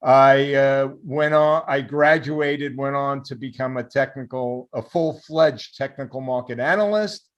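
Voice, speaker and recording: New York man with a measured delivery. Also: mid-range voice, muffled recording. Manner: measured, reflective, with hesitant fillers. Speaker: guest, futures fund manager. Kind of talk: casual interview talk. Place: home, remote call.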